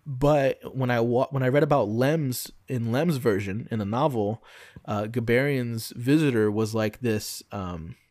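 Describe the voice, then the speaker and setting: A man from Brazil casually discussing film adaptations on a podcast, often pausing to search for words. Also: medium pitch, darkish tone, dry recording, studio quality. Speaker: podcast co-host.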